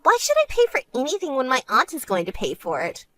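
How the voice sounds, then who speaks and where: A woman voicing a vain, self-centered young woman who talks in a smug, whiny way and turns shrill when angry, in an animated story. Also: quick pace, soft background music, exaggerated voice. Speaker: bride-to-be sister.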